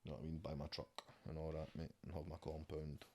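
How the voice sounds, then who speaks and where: A man's voice: extremely low pitch, flat delivery, quick pace, mellow, a little hiss or hum. A man with a Scottish accent, chatting casually as a rapper guest on a podcast at his home, laid-back and swearing often.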